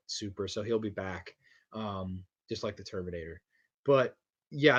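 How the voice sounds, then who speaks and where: Excitable, foul-mouthed man hosting a stream. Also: medium pitch, lo-fi sound. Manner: excitable, profane, rambling. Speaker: livestream host. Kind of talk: casual horror movie review chat. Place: home streaming setup with posters behind.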